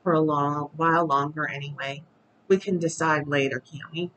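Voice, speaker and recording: A storybook reader voicing a young woman, an earnest older sister who speaks quietly and wistfully. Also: medium pitch, fairly even intonation, normal speed, slight background noise, lightly acted, rough recording. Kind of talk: storybook read-aloud.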